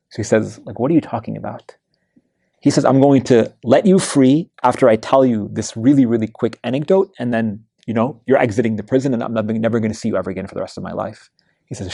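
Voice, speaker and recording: A man's voice: medium pitch, fast talker, creaky, dark tone, breathy edge, dry recording, studio quality. A man giving a weekly Quran study lecture, telling stories in a conversational way with many fillers and restarts. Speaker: religious lecturer. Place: mosque lecture hall.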